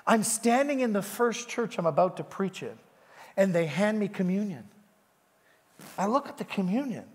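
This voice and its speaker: A man's voice: sits high, expressive, normal speed. A man preaching a sermon as a guest pastor in a church, telling stories with animation and coaxing the congregation to lean in. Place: church sanctuary. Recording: long hall reverb.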